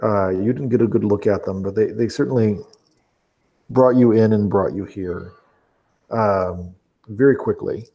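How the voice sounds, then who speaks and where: A man narrating a tabletop role-playing game as game master, talking haltingly with fillers and restarts. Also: lowish voice, creaky, breathy edge, muffled recording.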